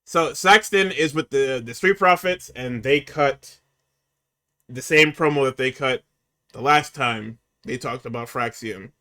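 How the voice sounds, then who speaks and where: A man hosting a casual podcast, recapping a show in an exasperated, profane and animated way. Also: mid-range voice, unhurried. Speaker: podcast host recapping wrestling.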